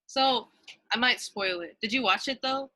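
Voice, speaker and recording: Bright-voiced young woman chatting casually. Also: fairly high pitch, normal speed, dry recording, poor audio. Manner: loose, swearing, rambling storytelling. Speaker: podcast co-host. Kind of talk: casual chat.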